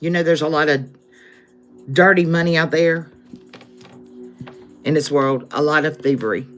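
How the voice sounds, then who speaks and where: Low-voiced woman reading tarot live. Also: moderate pace, a bit bright, faint music behind. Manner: talks to viewers as collective, repeats okay. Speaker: tarot reader.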